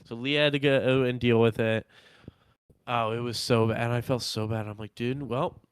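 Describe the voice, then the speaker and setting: A young man co-hosting a podcast, telling a story in animated casual chat and acting out what people said. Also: mid-range voice, moderate pace, clear, resonant tone, no echo. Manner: animated, acts out quotes of himself and others. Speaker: podcast co-host.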